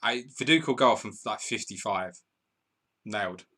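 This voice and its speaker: Running a live football stream, this male podcast host reads viewer comments aloud and banters with the audience as match updates arrive. His slightly low voice sounds bright and forceful, expressive at a moderate pace, and he laughs a lot while keeping things loose and chatty.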